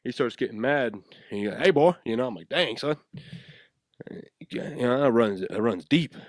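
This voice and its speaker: A man's voice: medium pitch, a little fast, no echo, clean studio sound. Young man telling a rambling story. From West Coast of the USA. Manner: animated, rambling, acts out quotes. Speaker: podcast host. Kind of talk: casual storytelling.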